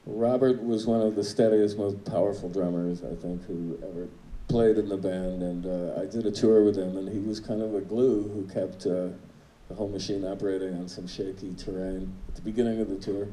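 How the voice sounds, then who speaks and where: A male host introducing the next speaker in a measured, appreciative way. His voice is very low, very dark and mellow. He sounds distant from the mic, and the club around him is roomy and echoing. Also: fairly even intonation. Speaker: event host. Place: live music club stage.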